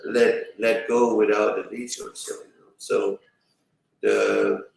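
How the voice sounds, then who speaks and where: Male streamer, slow rambling delivery, heard from off-mic in a very echoey room. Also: lowish voice, very animated, creaky, recorded from a distance. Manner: rambling, fills with "you know". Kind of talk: casual storytelling to viewers.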